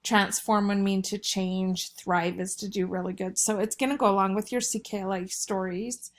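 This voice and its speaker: A woman teacher giving a recorded vocabulary lesson for children, explaining slowly and patiently. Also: medium pitch, fairly even intonation.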